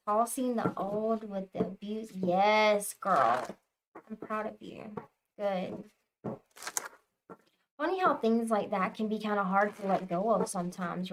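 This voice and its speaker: A young woman chatting casually with her viewers on a tarot reading livestream, telling stories in an animated way. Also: mid-range voice, background noise. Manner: chatty, animated storytelling, talks to chat. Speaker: tarot reader livestream host.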